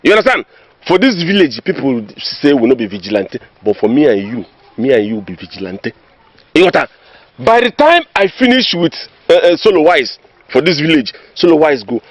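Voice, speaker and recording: An actor with a Nigerian accent playing a village vigilante in a comedy film, lecturing others in a husky voice. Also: male voice, fairly high pitch, very animated, a little fast, no echo. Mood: preachy. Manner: lecturing, Pidgin-speaking. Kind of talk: Nollywood comedy film acting.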